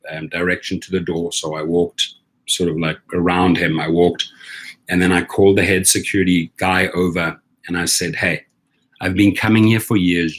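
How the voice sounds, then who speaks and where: A man's voice: low-pitched, fairly bright tone, breathy edge. A man telling viewers an indignant story about his treatment, often checking in with "right?". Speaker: rideshare driver and channel host. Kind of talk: casual storytelling rant to camera.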